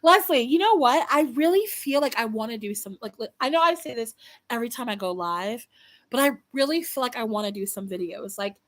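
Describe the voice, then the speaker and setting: A young woman talks straight to her livestream audience in a loose, unscripted way. Her voice sits a little high, and she is blunt and swears freely. She often stops and restarts her sentences. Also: expressive, a little fast, a bit bright. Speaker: livestream host. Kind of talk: casual livestream chat.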